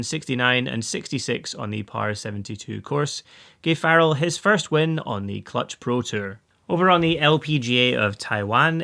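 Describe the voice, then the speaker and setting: A man hosting a golf news roundup, reading scripted results in a steady way and lifting his voice at each new tour. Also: mid-range voice, gravelly.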